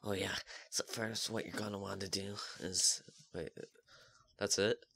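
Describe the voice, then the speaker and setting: A man doing excitable gameplay commentary, joking to himself and yelping whenever he is startled. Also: deep voice, unhurried, creaky, husky. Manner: excitable, yelps and shrieks when startled; jokey, self-mocking asides. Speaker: gaming YouTuber.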